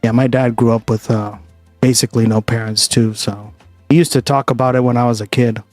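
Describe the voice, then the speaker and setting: A man's voice: medium pitch, fairly even intonation, a little fast, darkish tone, no echo, faint music behind. A man hosting a livestream, chatting casually and profanely with his viewers. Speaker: livestream host. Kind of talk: casual stream chat.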